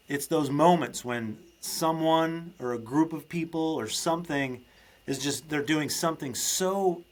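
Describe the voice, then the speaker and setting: A man's voice: medium pitch, fairly bright tone. A man hosting a solo podcast, talking in a rambling, chatty way with lots of restarts and a grumpy, joking edge when he rants. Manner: chatty, rambling, frequent restarts and self-interruptions; grumpy humorous ranting. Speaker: podcast host.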